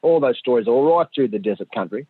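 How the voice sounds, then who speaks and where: A husky middle-aged man from Central Australia, a community storyteller, talks fast at medium pitch in conversational storytelling. He's animated, acting out the voices of his sons and others, and the audio is dry and tinny, like a phone.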